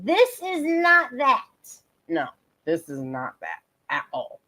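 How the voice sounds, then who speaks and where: A woman's voice: on the high side, huge pitch swings, slow, sharp tone. A woman hosting a livestream, reacting with sarcastic, profane commentary and frequent laughter. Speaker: livestream host reacting to a clip.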